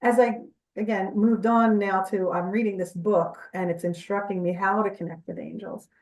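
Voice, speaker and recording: A woman's voice: medium pitch, steady tone, moderate pace, darkish tone, far from the mic. Chatty woman guest in an echoey room. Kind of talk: conversational interview storytelling.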